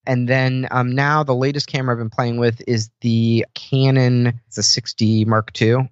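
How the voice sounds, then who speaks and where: A man's voice: medium pitch, flat delivery, normal speed, clean tone, no room sound, dull audio. A man talking casually as a podcast guest, rambling with lots of fillers and restarts. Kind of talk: casual conversation.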